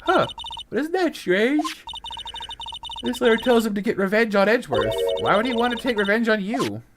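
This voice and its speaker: A man's voice: high voice, big pitch swings, normal speed, over music, pitched above the performer's own voice. A man voicing an earnest young male defense lawyer who asks alarmed questions. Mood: puzzled.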